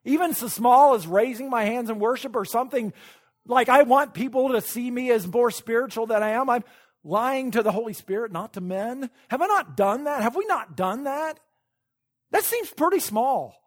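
Animated storytelling male pastor preaching. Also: very high-pitched, moderate pace. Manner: storytelling, animated with sudden loud peaks and quiet asides; laughs at his own points. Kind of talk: sermon.

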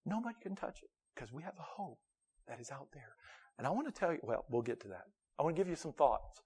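High-voiced man preaching animatedly. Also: fast, breathy edge. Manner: animated and conversational, swinging from loud emphasis to quiet asides. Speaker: pastor. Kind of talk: sermon. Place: church service with a band.

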